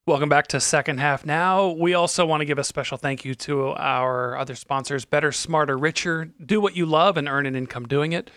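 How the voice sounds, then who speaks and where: A man's voice: fairly high pitch, steady tone, brisk, hardly any pauses, no room sound, clean studio sound. A man hosting a talk show, reading sponsor thanks and asking his guest questions. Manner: reads sponsor list, then asks gentle questions. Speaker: radio show host.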